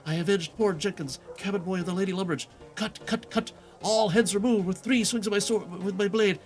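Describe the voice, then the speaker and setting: A man's voice: high-pitched, brisk, faint music behind, natural voice. A man voicing a boastful male impostor who tells grand, made-up adventure stories in a game quest fan voice-over. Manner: grandiose, showy storytelling.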